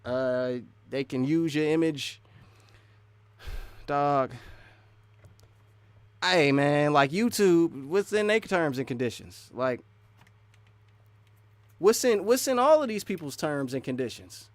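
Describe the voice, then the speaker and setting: A man's voice: on the high side, lively intonation, slow pace, pauses often, no room sound. A man hosting a casual live stream, rambling and restarting sentences as he chats with viewers. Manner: rambling, restarts often, laughs between thoughts.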